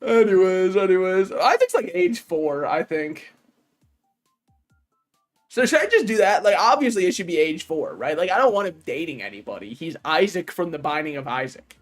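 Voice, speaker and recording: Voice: medium pitch, big pitch swings, normal speed, soft background music. A streamer giving casual gaming commentary, joking, swearing freely and talking back to chat and the game's characters. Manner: talks to chat and game characters.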